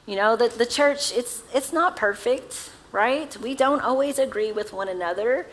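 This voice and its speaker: A woman's voice: a little high, normal speed, rough recording. A woman pastor with a Southern accent, preaching a sermon in a casual, conversational way and asking the congregation questions. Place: church sanctuary.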